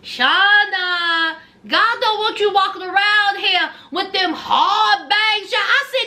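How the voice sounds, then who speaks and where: A woman's voice: very high-pitched, slow, few pauses, bright, forceful tone. A woman recapping a reality show in casual chat, sassy and teasing, calling her viewers honey and child.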